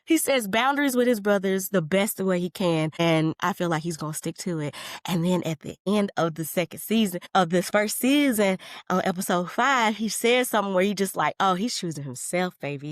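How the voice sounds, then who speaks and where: A woman's voice: medium pitch, dry recording, studio quality. Chatty woman, rambling podcast host. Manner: chatty and rambling, animated, with laughs and slang. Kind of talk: casual solo podcast chat.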